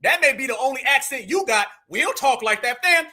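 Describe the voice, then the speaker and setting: A man's voice: extremely high pitch, expressive, brisk, bright, forceful tone. A young man with a Southern US accent, giving brash, mocking reaction commentary full of profanity.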